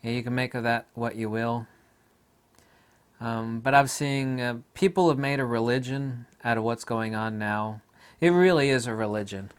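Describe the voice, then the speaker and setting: A middle-aged American man in a casual, ranting monologue, with sudden loud outbursts. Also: mid-range voice, moderate pace, clear, resonant tone. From United States. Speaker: video commentator.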